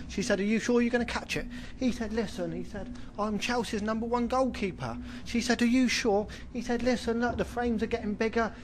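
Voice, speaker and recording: A man's voice: sits high, steady tone, brisk, hardly any pauses, noisy background. A man with a Scottish accent telling jokes on a radio phone-in, cheerfully laughing at his own punchlines. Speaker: joke-telling caller.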